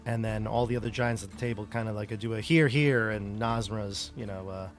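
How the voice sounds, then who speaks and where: Soft music plays under a man's lowish, fairly even voice as he runs a tabletop game at a brisk clip. As game master he narrates in a loose, wandering way, filling gaps with "like" and "you know."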